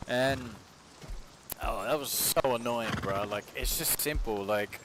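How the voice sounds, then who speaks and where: A man's voice: mid-range voice, a little slow. Aussie guy streaming from his kitchen, rambly and sweary, lots of noise in the background. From Australia. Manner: rambling, profane, slangy. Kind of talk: casual rambling stream chat. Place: home kitchen while cooking. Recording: noisy home stream audio.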